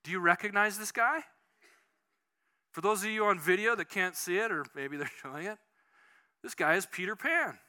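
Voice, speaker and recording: A man preaching a conversational sermon as pastor, animated and telling personal stories, often restarting his sentences. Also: high voice, normal speed, long pauses, clean tone.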